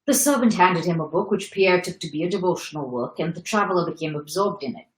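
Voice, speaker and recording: Low-voiced woman reading a novel. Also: expressive, quick pace. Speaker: reader. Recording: roomy echo.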